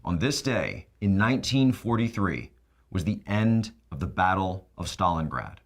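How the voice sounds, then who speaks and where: A man's voice: low-pitched, big pitch swings, measured pace. A man hosting a political talk show, delivering an emphatic, sarcastic monologue. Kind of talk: monologue commentary.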